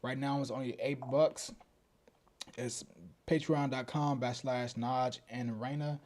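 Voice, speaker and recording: A man's voice: medium pitch, fairly even intonation, a little slow, darkish tone, a little hiss or hum. A man co-hosting a casual true crime live stream, laid-back and easygoing.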